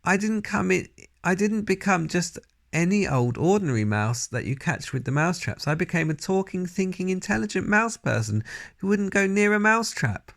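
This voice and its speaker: Storybook figure: eager, earnest little boy-mouse read by a man, lifted pitch, a bit gravelly. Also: animated, normal speed, a bit bright, exaggerated voice. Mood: worried. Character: clever young boy turned into a talking mouse.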